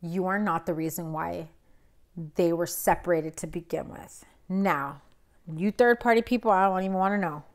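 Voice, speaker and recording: A young woman with a slightly low voice talks straight to camera through a tarot reading. She is blunt and emphatic, chatty, leaning on fillers as she goes. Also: moderate pace. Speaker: tarot reader.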